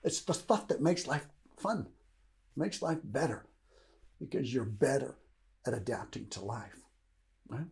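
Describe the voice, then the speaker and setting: A man's voice: mid-range voice, lively intonation, unhurried, creaky, pauses often, darkish tone. A man in his sixties from Kentucky giving a rambling, casual motivational talk, often asking "right?" and chuckling. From Louisville, Kentucky, USA. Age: 60s. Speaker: motivational speaker.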